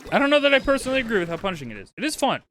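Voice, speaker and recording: A man streaming a video game live, chatting with viewers and reacting loudly, swinging between excited yelps and low mutters. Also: rapid-fire, a little hiss or hum. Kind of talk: casual live gameplay commentary.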